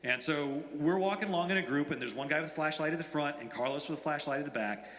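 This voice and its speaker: A man in his forties, an author telling anecdotes at a bookstore event, in a rambling, halting way full of fillers and restarts. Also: fairly high pitch, a bit bright. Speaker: author at a reading. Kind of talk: live anecdotal storytelling. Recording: roomy, reverberant hall.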